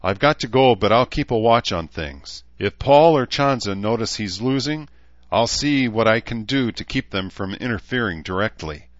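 Guy reading as a bossy serious woman leader, raised a bit from his low voice, dull lo-fi audio. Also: expressive, normal speed, dry recording, close to an everyday voice. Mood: earnest, firm. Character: commanding woman leader, firm and persuasive. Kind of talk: audiobook character voice.

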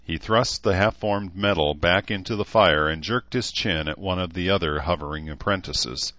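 A man reading an audiobook in a measured, even narration. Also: sits low, dry recording, dull audio. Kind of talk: scripted narration.

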